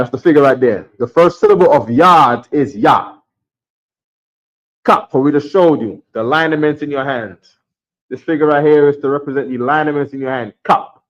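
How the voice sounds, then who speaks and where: A man's voice: fairly high pitch, a bit bright. Man teaching, "right?" after every point. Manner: repetitive, checks in with "right?"; drops to a mutter when fiddling with the camera. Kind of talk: classroom teaching. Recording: dull lo-fi sound.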